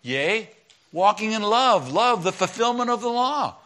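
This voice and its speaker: A middle-aged male pastor giving a conversational sermon, swinging between loud emphatic lines and quiet asides. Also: sits high, expressive, unhurried.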